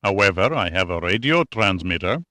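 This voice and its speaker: A man voicing an old Icelandic farmer with a heavy Nordic accent who speaks slowly and plainly. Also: low-pitched, sing-song, bright, forceful tone, no room sound, exaggerated voice. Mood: calm.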